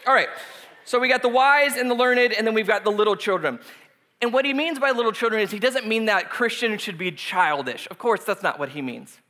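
A man's voice: high-pitched, brisk, pushed and bright. A man in his thirties preaching a casual, humorous sermon, joking at his own expense and laughing often between points. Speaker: pastor.

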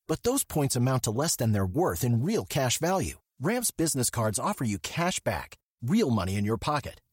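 A man's voice: mid-range voice, a little mellow, husky, no room sound, studio quality. A man reading a scripted, persuasive sponsor advertisement. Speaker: ad reader. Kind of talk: read advertisement.

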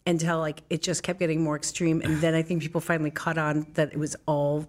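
A woman's voice: sits low, quick pace. A middle-aged woman telling stories in an interview, acting out the voices of people she quotes. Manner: lively storyteller who acts out quoted voices. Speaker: actress and comedian as guest. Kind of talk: candid interview storytelling.

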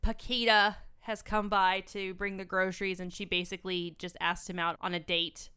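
Smooth-voiced woman chatting casually. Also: mid-range voice, little pitch movement, bright, forceful tone. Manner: chatty plot recap, lots of 'like' and quick asides. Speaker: podcast co-host. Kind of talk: casual film discussion podcast.

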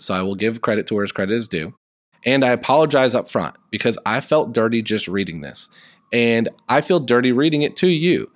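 A man's voice: fairly low pitch, no room sound, clean studio sound. A young man hosting a podcast in a casual, joking way, chatting wryly about a musical and its fan fiction. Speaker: podcast host.

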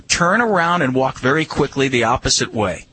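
A man's voice: mid-range voice, normal speed, slightly rough. A man on a radio show giving dog behavior advice, telling stories emphatically. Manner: emphatic, animated storytelling. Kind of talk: casual radio advice talk.

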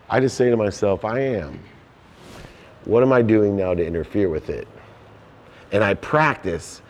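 A man in his fifties gives a motivational talk to a live meetup crowd while answering their questions. He preaches in long, repetitive lists and acts out the voices of the people he quotes. His voice sits at an everyday middle pitch. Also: a little mellow. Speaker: host answering audience questions. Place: meetup before a live audience.

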